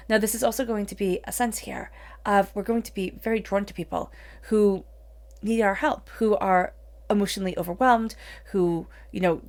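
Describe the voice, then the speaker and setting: A woman giving a solo tarot reading in an earnest, encouraging manner, with many "you know"s. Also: mid-range voice. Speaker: tarot reader.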